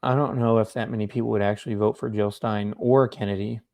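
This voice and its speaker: A man doing casual political commentary, reading news articles aloud and breaking off with low-key reactions and asides, yawning now and then. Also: steady tone, quick pace, creaky, a little mellow.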